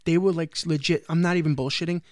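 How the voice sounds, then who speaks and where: A man's voice: fairly high pitch, fairly even intonation, fast, no room sound, studio quality. A young adult man co-hosting a podcast, rambling and self-deprecating in casual chat, swearing freely. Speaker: podcast co-host.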